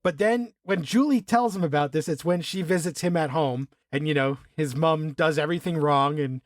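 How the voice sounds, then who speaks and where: A man co-hosting a podcast, casually talking through a film, animated, laughing and swearing as he acts out scenes. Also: fairly high pitch, normal speed, no room sound, clean studio sound. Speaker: podcast co-host.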